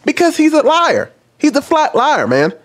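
A man's voice: very high-pitched, huge pitch swings, moderate pace. A man ranting indignantly in heated stream commentary, played as a clip.

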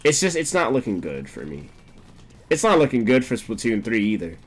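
A man's voice: mid-range voice, fairly quick, slight background noise. Young guy streaming, super swingy voice, cussing and laughing a lot, casual chat. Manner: swears a lot, laughs, excitable outbursts. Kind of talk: casual gameplay commentary.

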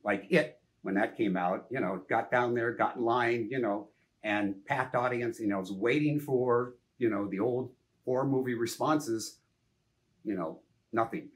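Animated older man telling film-set stories. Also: medium pitch, a little slow. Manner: animated, anecdotal, frequent "you know", some swearing. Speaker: film director, interview guest. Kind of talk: casual interview storytelling.

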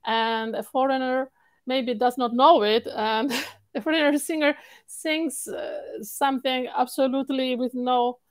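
A woman with an Italian accent, a singing coach answering interview questions in an animated way, repeating words for stress and laughing often. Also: sits high, a little slow, smooth, no echo.

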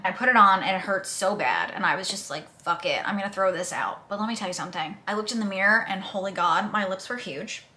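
A woman's voice: on the low side, pushed and bright, slight background noise. A woman vlogger talking casually through her makeup routine, chatty and self-deprecating as she narrates each step. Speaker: beauty vlogger. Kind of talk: casual makeup tutorial chat.

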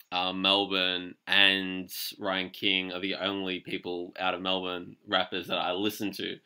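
A male interviewer with a low, notably bright voice, asking rambling questions. He hesitates often, and fills the gaps with short agreeing sounds. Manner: hesitant, many fillers and restarts, short backchannels. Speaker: interviewer, host.

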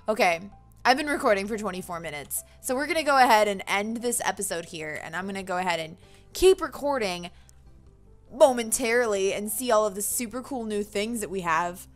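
Excitable, giggly young woman gamer. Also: medium pitch, moderate pace, soft background music. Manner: excitable, squeals and giggles often. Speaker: gaming channel host. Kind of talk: casual let's-play commentary.

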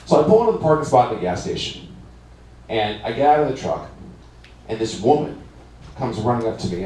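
A man's voice: mid-range voice, lively intonation, brisk, long pauses, mellow, a little hiss or hum. A male musician telling a wry, rambling story on stage between songs at a concert. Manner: wry, rambling anecdotal delivery. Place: concert venue. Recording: echoey hall from far off.

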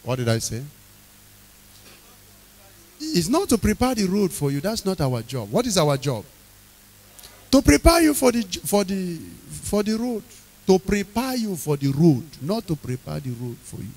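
A man preaching an evening sermon, emphatic, repeating key phrases, questioning the congregation and bursting into loud shouted lines. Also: fairly high pitch, sing-song, normal speed.

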